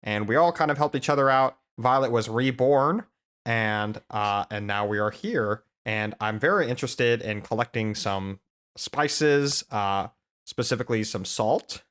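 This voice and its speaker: A man playing a tabletop game, speaking in character with a hesitant, halting manner. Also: mid-range voice, a bit bright, clear, resonant tone. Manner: hesitant, many ums. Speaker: player.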